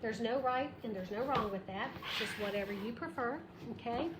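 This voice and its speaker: Her voice sits on the high side at normal speed as she hosts a live craft tutorial in her shop. Chatty and bubbly, she greets viewers by name and counts aloud while working, with echo and background noise around her.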